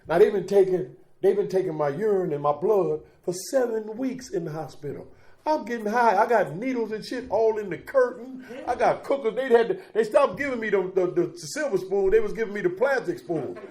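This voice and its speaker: A middle-aged man speaks from a conference stage in a high register, telling his addiction story with blunt profanity. He keeps checking in with the crowd with "Huh?" and "You know what I'm saying?". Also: animated, fairly quick, a little mellow. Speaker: guest speaker at a recovery conference. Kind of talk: raw testimony speech.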